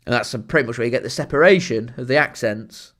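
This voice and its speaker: A man chatting casually as a football fan streaming a watchalong, rambling with many fillers and getting excited when reacting to the play. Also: mid-range voice, quick pace. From Greater Manchester, England. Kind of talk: casual watchalong chat with live match reaction.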